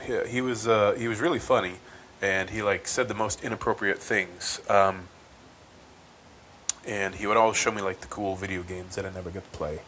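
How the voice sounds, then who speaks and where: A man's voice: lowish voice, steady tone, moderate pace, pushed and bright, low-quality recording. A man hosting a podcast, telling a rambling, casual story with many ums and restarts. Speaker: podcast host. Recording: faint background noise.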